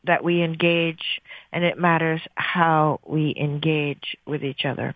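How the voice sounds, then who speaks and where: A woman radio host leading a guided breathing meditation in a soft, measured, soothing way with pauses. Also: low voice, steady tone, no room sound. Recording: dry, phone-like lo-fi sound.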